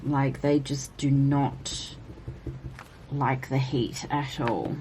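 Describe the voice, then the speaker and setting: A woman chatting casually as she colors for a vlog, rambling with frequent "like" and breaking into a high baby voice for her cats. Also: steady tone, drawn-out words, dark tone, slight background noise. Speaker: coloring vlogger. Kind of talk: casual color-and-chat commentary.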